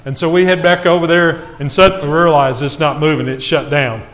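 A man preaching a sermon, telling a self-mocking story with lively swings in his voice. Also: a little high, brisk.

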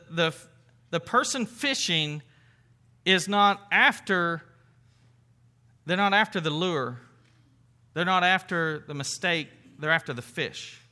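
A man's voice: on the high side, bright, forceful tone. A man preaching as a pastor in a conversational sermon, earnest and playful, often restarting his sentences.

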